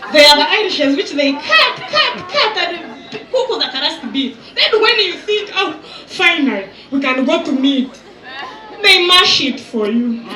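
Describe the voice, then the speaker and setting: A woman in her thirties doing live stand-up crowd work as event host, teasing and exaggerating in an animated way. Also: extremely high pitch. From Uganda. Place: outdoor resort event with audience. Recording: echoey venue sound from far off.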